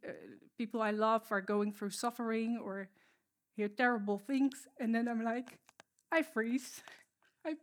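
A woman whose first language is not English, preaching a sermon from a stage in an earnest, emotional way, with pauses and restarts. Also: on the high side. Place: stage before an audience.

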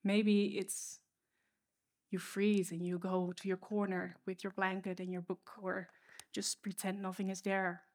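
A woman whose first language is not English, preaching a sermon from a stage in an earnest, emotional way, with pauses and restarts. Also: mid-range voice, little pitch movement, darkish tone. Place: stage before an audience.

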